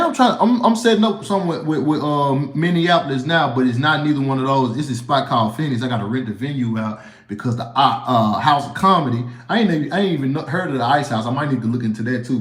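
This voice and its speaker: Casting note: mid-pitched Southern man, casual livestream Q&A, loose and cussing, plenty of restarts, echoey room. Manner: blunt, profane, rambling with frequent restarts. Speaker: comedian answering viewer questions.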